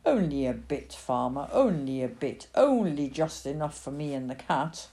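An old country poacher, worn and stubborn, with rough rural phrasing, as a woman reader puts him on. His voice is mellow and low, rising and falling with plenty of life. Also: lively intonation, normal speed. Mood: weary. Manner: rustic country speech, fond and resigned. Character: old male vagrant poacher, gentle, stubborn.

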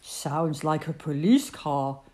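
A woman voicing a rough-talking male burglar who speaks loudly and exclaims, drawing out his words. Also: low voice, lively intonation, slow pace. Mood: exclaiming.

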